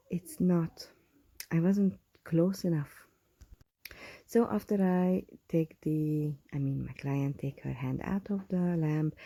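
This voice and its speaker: A woman, a nail technician, chatting to viewers in a casual tutorial voice-over, often dropping into soft whispered asides. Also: low voice, dry recording. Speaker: nail technician, channel host. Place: at home.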